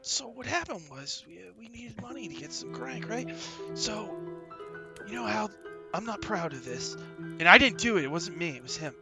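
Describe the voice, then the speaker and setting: A twitchy street dog hooked on drugs, as a man puts him on for a tabletop game. He rambles in slang, gets defensive, and his gravelly voice swings up and down as he talks. Faint music plays underneath. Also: high-pitched, sing-song, moderate pace, exaggerated voice. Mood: rambling. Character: twitchy drug-addled male street dog. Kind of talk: in-character role-play.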